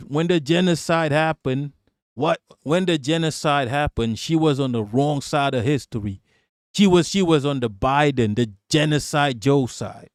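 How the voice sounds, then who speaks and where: A man's voice: a little high, dry recording, clean studio sound. A man hosting a live political stream, reading chat and ranting with a lot of swearing. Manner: profane, ranting, talks back to chat.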